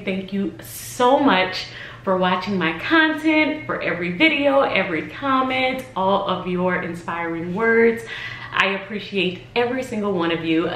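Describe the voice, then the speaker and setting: A woman vlogging casually to the camera, excitable and gushing as she talks to her viewers. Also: medium pitch. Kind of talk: casual vlog talk to camera. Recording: echoey room.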